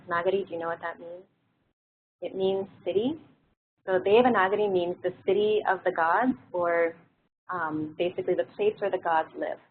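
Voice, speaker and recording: A woman's voice: on the low side, a little hiss or hum. Woman teaching a class, tinny sound. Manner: relaxed, explanatory with frequent fillers. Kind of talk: classroom lecture. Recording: tinny phone-like audio.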